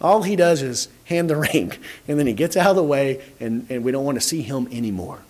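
A man preaching a sermon, animated, acting out quoted dialogue and often repeating words as he starts a phrase. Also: mid-range voice, brisk.

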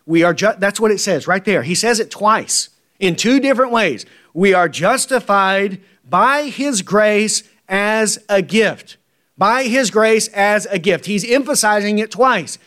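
A man preaching a sermon in an emphatic, repetitive way, often checking in with "right?". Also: sits high.

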